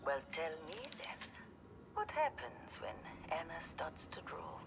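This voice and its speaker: A hushed, probing questioner. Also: medium pitch, wildly swooping pitch, unhurried, noisy background. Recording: game audio behind music.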